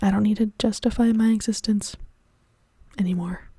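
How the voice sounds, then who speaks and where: A woman's voice: mid-range voice, steady tone, moderate pace, mellow, husky, dry recording. A young adult woman hosting her podcast, talking in a candid, rambling and tangential personal monologue. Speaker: podcast host.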